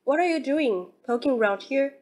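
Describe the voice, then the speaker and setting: A woman reading aloud and voicing a frank, chatty young American woman in a higher voice. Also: moderate pace. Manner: lively, raised bright pitch.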